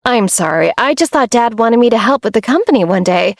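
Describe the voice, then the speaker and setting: A woman's voice: on the high side, animated, fairly quick, no echo, studio quality, pitched above the performer's own voice. A woman voicing a scheming young woman who talks in a falsely sweet, meek way. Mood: sugary.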